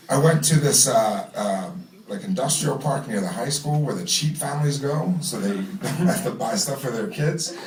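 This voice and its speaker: Profane man telling a story on stage. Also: mid-range voice. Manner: casual, profane, laughing through his story. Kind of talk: live storytelling. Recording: roomy venue mic from a distance. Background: audience laughing.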